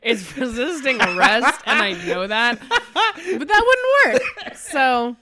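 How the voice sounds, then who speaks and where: Jokey woman co-host, lively voice. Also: high-pitched, a crowd in the background. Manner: quick jokey interjections, laughing. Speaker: podcast co-host. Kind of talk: improvised comedic banter.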